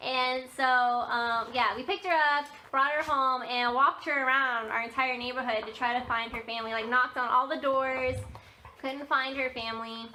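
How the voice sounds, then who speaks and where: A young woman talks casually to her viewers in a high voice, telling stories with lots of fillers and small laughs. Her tone is bright and clear. The talk is loose and homey, a vlog to camera. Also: fairly even intonation, moderate pace, a little hiss or hum. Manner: chatty storytelling, many fillers and laughs. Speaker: vlogger.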